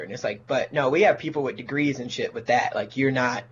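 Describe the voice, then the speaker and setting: A comedian appearing as a podcast guest rants profanely in casual talk, mocking people with put-on voices. He speaks briskly in a mid-range voice, and the recording has its highs cut off, with a little hiss or hum.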